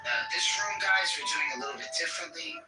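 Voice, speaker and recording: A man hosting a casual livestream, excitable and swearing, laughing as he talks. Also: on the high side, quick pace. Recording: echoey room, far from mic, music behind.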